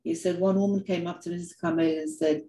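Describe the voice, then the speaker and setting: A woman's voice: lowish voice, quick pace, a little hiss or hum. Earnest older woman in a roomy space. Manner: earnest, animated storytelling with repeated words. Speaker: speaker sharing reflections. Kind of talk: heartfelt personal talk.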